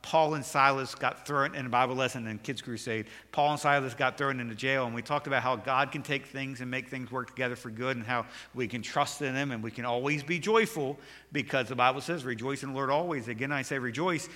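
A pastor preaching a sermon, earnest and building to emphatic, raised passages with repeated words. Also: male voice, medium pitch, a little fast, sharp tone. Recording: long hall reverb.

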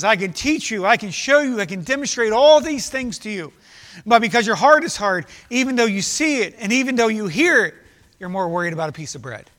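A male pastor preaching with fervent emphasis, often slipping into quoted voices. His voice sits high and sounds bright and forceful. It carries through a church sanctuary with a long, ringing reverb. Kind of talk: sermon.

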